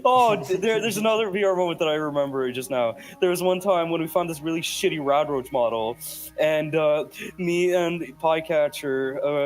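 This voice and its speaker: A young man hosting a podcast, telling rambling, profane stories in casual chat over a headset mic. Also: on the high side. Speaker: podcast host.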